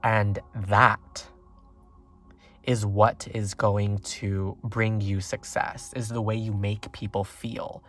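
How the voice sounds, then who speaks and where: A man giving a casual pick-a-card tarot reading, talking in a rambling, excitable way with lots of fillers and sudden leaps up in pitch. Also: slow pace, soft background music. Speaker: tarot reader.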